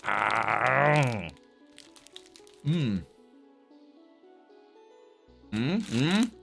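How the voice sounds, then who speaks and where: A man eats while live streaming, talking casually with his chat, laughing, and murmuring through mouthfuls as he savors the food in an animated way. His medium-pitched voice is gravelly and extremely slow, with soft music in the background.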